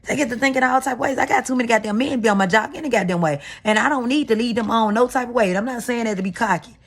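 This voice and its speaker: A woman's voice: on the high side, racing, slightly rough. A woman vlogger talking candidly to camera, rambling and confessional as she vents. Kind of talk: venting to camera. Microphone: camera mic.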